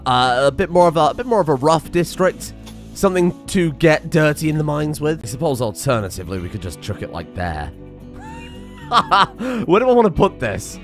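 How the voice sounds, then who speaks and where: A young man giving excitable, sarcastic let's-play commentary and laughing often. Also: on the high side. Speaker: gaming channel host.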